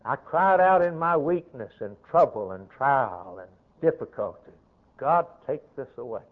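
Male pastor, deliberate sermon delivery, emphatic with sharp loud-soft swings, narrow phone-like sound. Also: mid-range voice, animated. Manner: emphatic, swings between loud declarations and quiet asides. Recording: tinny, narrow-band old sermon recording.

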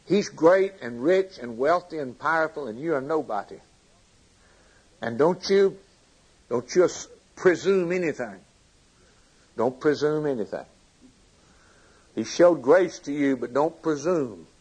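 A man preaching a sermon with fervent delivery, swinging from loud emphasis to hushed lines. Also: a little high, lively intonation, unhurried, long pauses, slightly rough, rough recording.

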